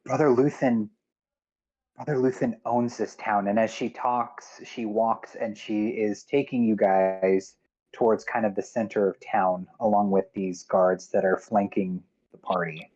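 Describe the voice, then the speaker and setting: A man narrating a tabletop game as game master, unhurried and halting. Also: on the low side, steady tone, darkish tone, lo-fi sound.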